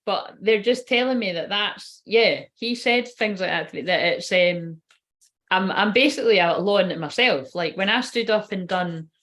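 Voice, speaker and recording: A woman's voice: mid-range voice, moderate pace, a bit bright. A woman, a tarot reader and medium giving a casual, rambling live-stream reading and swearing now and then.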